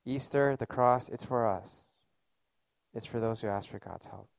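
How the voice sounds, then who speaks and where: Male pastor, gravelly, dry close sound, casual earnest sermon delivery. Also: mid-range voice, a little slow, no echo. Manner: conversational, earnest preaching with casual fillers.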